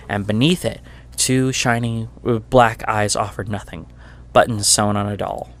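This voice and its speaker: A man narrating as game master of a tabletop game, describing scenes with frequent stumbles and self-corrections. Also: fairly low pitch.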